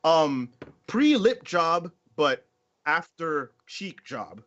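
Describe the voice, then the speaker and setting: Man, co-host, wry movie riff, husky, lively pitch, high voice, dull lo-fi audio. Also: drawn-out words. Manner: wry, joking, animated. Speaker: podcast co-host. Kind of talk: casual movie-riff chat.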